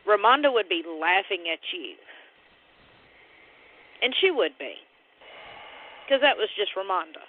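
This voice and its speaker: High-voiced man on a phone line. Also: animated, normal speed, pauses often. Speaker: caller. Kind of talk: emotional phone conversation.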